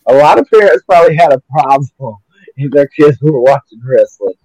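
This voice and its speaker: A man's voice: on the high side, animated, normal speed, mellow, highs cut off. A man on a casual podcast panel, chiming in with sarcastic asides. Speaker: podcast co-host.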